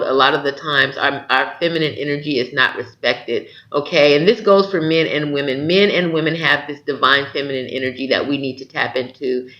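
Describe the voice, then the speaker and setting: A man's voice: a little high, lo-fi sound. A man giving a spiritual tarot reading to his viewers, earnest and encouraging, often checking in with "okay?". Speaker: tarot reader.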